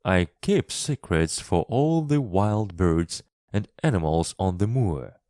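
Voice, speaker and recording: A man voicing a kind, cheerful country boy in a storybook reading, speaking gently and steadily. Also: low-pitched, animated, slow pace, dry recording, studio quality. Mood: gentle. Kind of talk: storybook reading for English learners.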